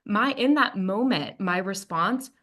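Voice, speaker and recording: A woman's voice: medium pitch, expressive, unhurried, a bit bright. A woman presenting a training workshop, telling a personal story in a conversational way and acting out what she said to her baby.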